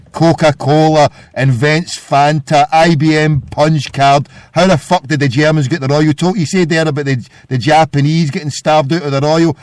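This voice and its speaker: A man's voice: on the high side, a little mellow, no echo, clean studio sound. A Scottish man hosting a podcast, ranting in a combative, sweary, insistent way. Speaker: podcast host. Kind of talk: casual podcast rant.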